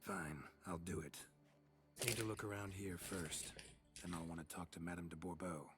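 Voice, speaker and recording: A man's voice: sits low, fairly even intonation, moderate pace, over loud music, close to an everyday voice. An actor playing a blunt, sardonic male monster hunter, speaking in terse, dry lines of game dialogue. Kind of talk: video game voice acting.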